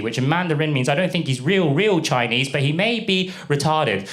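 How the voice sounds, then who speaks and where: A young man from the UK performing a stand-up comedy set, delivering deadpan punchlines and slipping into put-on voices for characters. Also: a little high, quick pace, few pauses. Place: comedy club stage with a laughing audience. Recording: live club recording with crowd laughter.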